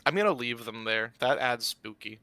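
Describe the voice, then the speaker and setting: A man's voice: mid-range voice, lively intonation, normal speed, bright, forceful tone, no room sound. A man playing a tabletop role-playing game, talking eagerly and playfully about his character's actions. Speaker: player.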